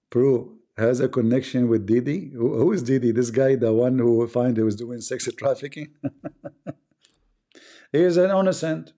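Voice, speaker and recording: A man's voice: medium pitch, unhurried, long pauses, mellow. A man with a foreign accent hosting a live stream, reading viewer comments and teasing his audience. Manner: joking and teasing, often laughing.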